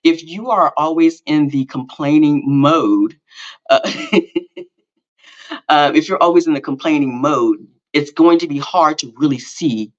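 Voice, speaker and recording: A middle-aged man hosting a podcast, telling a story in a casual monologue with lots of fillers, restarts and self-mocking asides. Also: on the high side. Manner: rambling, with many fillers and self-corrections. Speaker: podcast host. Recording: slightly dull lo-fi audio.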